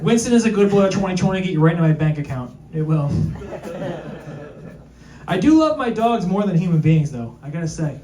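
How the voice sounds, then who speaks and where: High-voiced comedian in an echoey club. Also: male voice, sing-song, dark tone. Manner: self-deprecating, rapid asides to the crowd. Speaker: stand-up comedian. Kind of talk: stand-up set. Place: comedy club with live audience. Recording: echoey club, distant mic, crowd noise.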